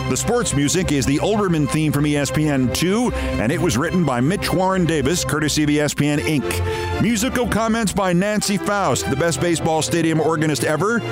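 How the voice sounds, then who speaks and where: A man, the host of the show, reading a comic story aloud in a lively, theatrical manner, recorded in a studio. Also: a little high.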